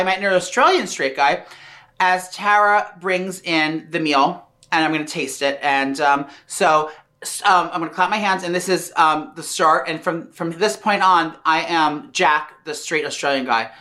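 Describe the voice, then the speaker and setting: A man's voice: fairly high pitch, moderate pace, bright, forceful tone. A man hosting a comedic cooking chat, camp, playful and profane. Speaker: host.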